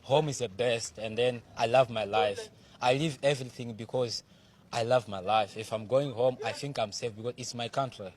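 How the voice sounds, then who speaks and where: A man interviewed about going home, speaking earnestly and quietly in simple phrases. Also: mid-range voice, moderate pace. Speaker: migrant interviewee. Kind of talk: street interview.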